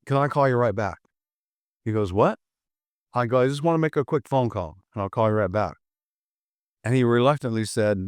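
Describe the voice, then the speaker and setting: A man's voice: medium pitch, normal speed, pauses often, smooth, dry recording. Older american guy spinning a yarn, acts out the voices, dry close mic. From USA. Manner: animated, acts out both sides of conversations. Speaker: martial arts instructor. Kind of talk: casual storytelling.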